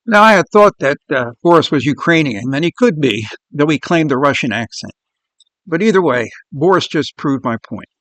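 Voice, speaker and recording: A man's voice: fairly high pitch, lively intonation, moderate pace, a bit bright, no room sound. A male show host giving scornful, blunt commentary on a video clip.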